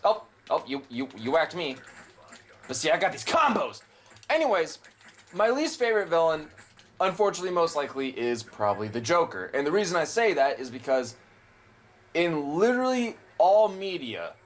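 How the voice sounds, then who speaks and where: A man's voice: fairly high pitch, big pitch swings, normal speed, slight background noise. A young man casually commentating a video game, rambling and opinionated, with frequent swearing. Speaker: gameplay commentator. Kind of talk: casual let's play commentary.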